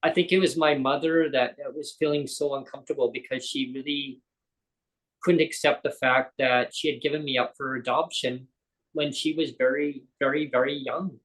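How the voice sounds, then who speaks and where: A man's voice: mid-range voice, steady tone, moderate pace, fairly bright tone, poor audio. A man, a guest on a live interview show, tells a personal story in a rambling way, often correcting himself and acting out quoted dialogue.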